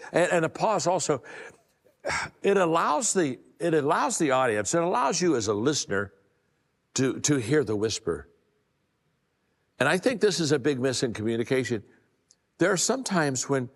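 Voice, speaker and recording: A man's voice: medium pitch, long reverb tail. An older man giving a folksy motivational talk on communication and leadership, often repeating his first words as he starts a sentence. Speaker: leadership speaker.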